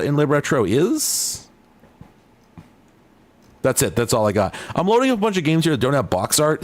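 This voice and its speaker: A man hosting a casual video, talking to himself as he plays old computer games, rambling and sardonic, often cutting himself off mid-sentence. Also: mid-range voice. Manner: rambling, sardonic, self-interrupting. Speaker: host. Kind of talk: casual commentary while playing retro games.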